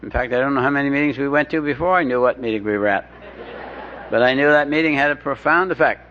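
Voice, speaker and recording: Wry man telling his story, lo-fi. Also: mid-range voice. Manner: wry, self-deprecating, with halting restarts. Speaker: speaker sharing his recovery story. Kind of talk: humorous storytelling talk. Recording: dull lo-fi recording with faint hiss.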